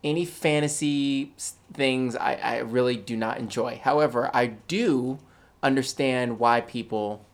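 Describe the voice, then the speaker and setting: A man's voice: mid-range voice, measured pace. A man co-hosting a casual chat, opinionated and rambling with lots of restarts. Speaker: podcast co-host.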